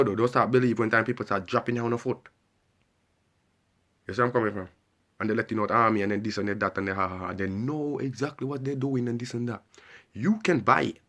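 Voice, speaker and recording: Man, ranting monologue, repetitive, keeps asking questions, sharp tone. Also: mid-range voice. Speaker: vlogger.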